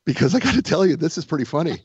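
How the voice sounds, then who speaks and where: A man co-hosting a casual talk show and author of a book, telling stories with animated repetition and false starts. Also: on the high side, rapid-fire, husky, no echo, highs cut off. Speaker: podcast co-host and author. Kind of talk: casual chat.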